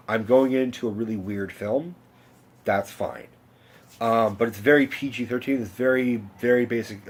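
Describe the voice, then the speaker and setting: A young man talks straight to his vlog audience in a loose, rambling way. He swears freely, trips over his own sentences and restarts them, and his voice sits at an ordinary middle pitch. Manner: rambling, profane, self-interrupting. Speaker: vlogger.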